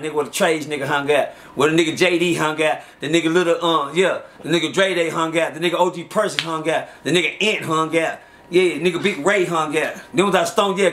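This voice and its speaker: Storyteller, man, high voice, animated, acts out the voices he quotes. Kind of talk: casual storytelling.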